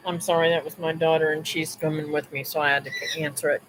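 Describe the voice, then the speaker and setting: A woman's voice: low voice, level tone, fast, a little hiss or hum, rough recording. A woman hosting a live stream, telling a personal story in a casual, rambling way with restarts, asides to viewers and religious remarks.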